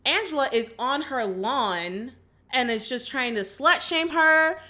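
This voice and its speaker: A young woman hosts a laid-back movie reaction, animatedly recapping the plot and performing the characters' lines. Her voice is high and she speaks slowly.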